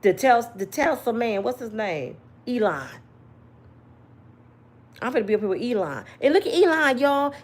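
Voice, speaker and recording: A woman's voice: fairly high pitch, sing-song, normal speed, long pauses. A woman giving an emphatic, slangy opinion rant to her viewers, full of rhetorical questions. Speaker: commentary vlogger.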